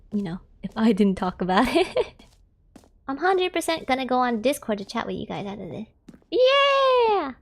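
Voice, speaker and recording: A giggly young American woman with a high voice, chatting away on her live stream. She talks casually and laughs often between remarks. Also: a little mellow.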